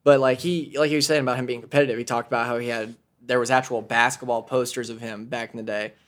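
A man hosting a podcast, telling animated stories in casual chat, swearing freely and laughing along. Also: medium pitch, quick pace. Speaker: podcast host.

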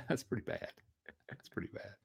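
A man in his forties from the Midwest, co-hosting a casual sports podcast, chatty and quick to laugh. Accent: Midwestern American. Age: 40s. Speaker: podcast co-host.

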